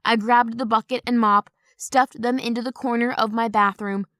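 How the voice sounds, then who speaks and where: A woman giving brisk, expressive first-person audiobook narration on a close studio mic. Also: on the high side, dry recording.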